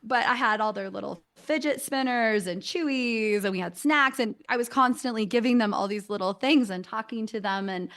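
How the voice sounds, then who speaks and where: A woman's voice: a little high, moderate pace, few pauses, a bit bright. A woman with young children talks in an easygoing podcast conversation. She speaks earnestly and thoughtfully, reflecting on her own parenting, and keeps the exchange going with frequent murmurs of agreement.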